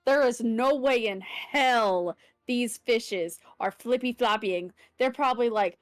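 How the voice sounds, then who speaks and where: Woman, tabletop player, high-pitched, argumentative, dry close recording. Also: slow, dry recording, faint music behind. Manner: argumentative, blunt, joking. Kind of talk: casual tabletop game chat.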